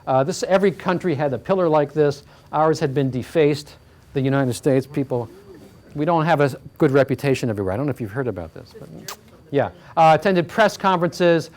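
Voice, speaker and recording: Speaking briskly with lively intonation, a man whose voice is on the high side and a little mellow presents slides in a community hall lecture. His delivery is chatty and full of fillers, punctuated by "all right?" as he checks on his listeners.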